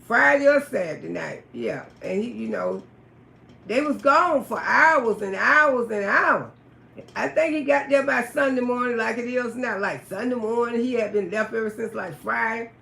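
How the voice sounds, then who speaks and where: Gravelly, high-voiced woman telling a story. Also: moderate pace, reverberant. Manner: animated, profane, greets viewers by name. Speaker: livestream storyteller. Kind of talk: casual storytelling livestream.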